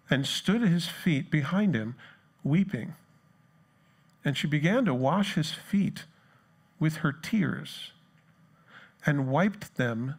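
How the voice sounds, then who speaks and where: Male pastor, slightly higher voice, casual and funny, acts out scripture while preaching. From United States. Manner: conversational and joking, with lively retellings. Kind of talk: sermon. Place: church.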